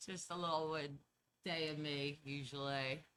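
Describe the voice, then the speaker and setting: A woman chatting as a podcast guest, telling lively personal stories and laughing easily. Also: low-pitched, measured pace, crowd noise. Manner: animated storyteller, laughs easily. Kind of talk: casual storytelling chat.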